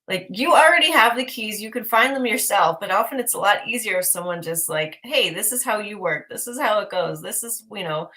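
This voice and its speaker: A woman's voice: lowish voice, bright, forceful tone. A woman coach talking casually on a live stream, enthusiastic and rambling, with plenty of fillers. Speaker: intuitive art coach.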